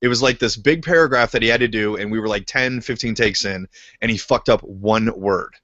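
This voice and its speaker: A man's voice: lowish voice, a little fast, sharp tone, dry recording. A man hosting a casual podcast, laid-back and laughing, cursing freely in his stories. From Canada. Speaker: podcast host. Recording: muffled, lo-fi podcast audio.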